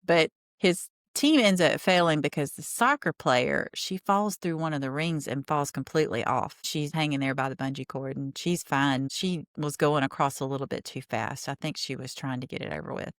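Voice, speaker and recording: A woman's voice: low-pitched, moderate pace, few pauses, dry recording, clean studio sound. A woman hosting a podcast, recapping a TV show in a chatty, wry, gossipy way. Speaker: podcast host. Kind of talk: casual TV recap.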